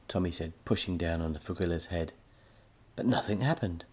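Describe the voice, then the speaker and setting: In this scripted children's story, the narrator is a man whose voice is deep and husky. He moves quickly and tells the tale with lots of expression, audiobook-style.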